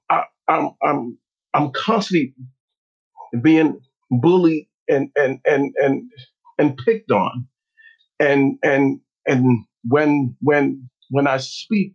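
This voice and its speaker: A man's voice: on the high side, gravelly, dull audio, exaggerated voice. A man voicing a timid young boy with a heavy stutter that repeats sounds over and over.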